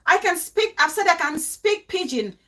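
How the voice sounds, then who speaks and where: A young Cameroonian woman hosts a live-stream vlog, talking straight to her viewers. Her voice sits high and swings widely in pitch. She presses each point hard and circles back with repeated rhetorical questions. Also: expressive, normal speed, sharp tone. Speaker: vlogger hosting a live stream.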